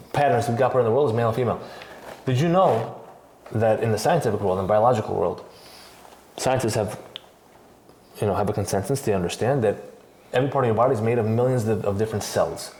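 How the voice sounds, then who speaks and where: A man's voice: medium pitch, a little mellow, echoey room, slight background noise. A man co-hosting a casual podcast who explains his ideas step by step and asks rhetorical questions as he goes. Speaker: podcast co-host.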